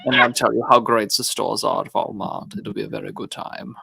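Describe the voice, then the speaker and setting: Wry man with a gravelly voice. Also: on the low side, steady tone, a little fast, sharp tone, no room sound. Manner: wry, joking. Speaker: podcast co-host. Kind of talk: casual chat.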